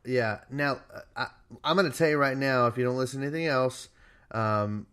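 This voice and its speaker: A man's voice: medium pitch, fairly quick, fairly bright tone, clear, resonant tone. A man co-hosting a podcast, casually reviewing a movie with enthusiasm and some teasing. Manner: enthusiastic, teasing, explains plot details. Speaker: podcast co-host.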